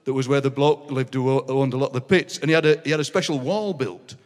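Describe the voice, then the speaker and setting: A man in his sixties with a Yorkshire accent, a guest poet telling comic stories on stage, animated and often laughing, with dialect phrases. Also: mid-range voice, fast talker. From Barnsley, Yorkshire. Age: 60s. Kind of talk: comic storytelling on a live podcast. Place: city hall stage with audience. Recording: long hall reverb.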